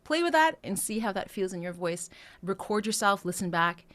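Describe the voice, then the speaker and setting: A woman's voice: mid-range voice, animated, normal speed, fairly bright tone. A woman vocal coach talking through a singing lesson, explaining phrasing step by step in a conversational way with some fillers. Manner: explains phrasing step by step, breaking into sung demonstrations; conversational with frequent fillers and restarts.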